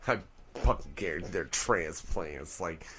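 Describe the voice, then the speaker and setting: Low-voiced, animated joking man. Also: unhurried. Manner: loose, joking and profane, laughs easily. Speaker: radio show co-host. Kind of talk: casual uncensored talk radio banter.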